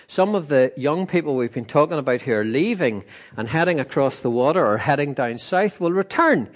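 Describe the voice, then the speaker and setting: A man delivering a sermon, his voice sitting a little higher than most men's. He preaches conversationally but with emphasis, dropping in light asides. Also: expressive, a little fast. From Northern Ireland. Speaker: pastor.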